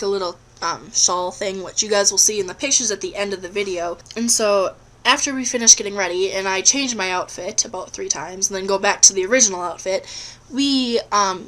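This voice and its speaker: Chatty young woman telling a story. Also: medium pitch. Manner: rambling, excitable, heavy on "like" and "um". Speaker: vlogger. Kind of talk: casual storytelling.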